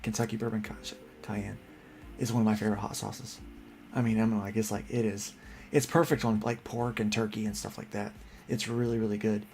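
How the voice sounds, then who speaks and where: A man hosting a casual chat, telling rambling, animated stories full of restarts. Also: on the low side, a little fast, vocal fry, slight background noise. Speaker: podcast host.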